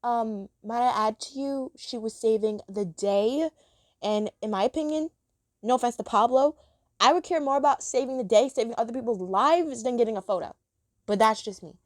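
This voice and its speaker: A woman's voice: a little high, normal speed, no echo, clean studio sound. A woman reviewing a cartoon episode in a chatty, rambling monologue, gushing about the characters.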